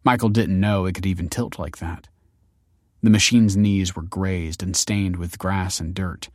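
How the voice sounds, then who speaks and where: A man reading a story aloud in measured, scripted audiobook narration. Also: sits low, steady tone, no room sound.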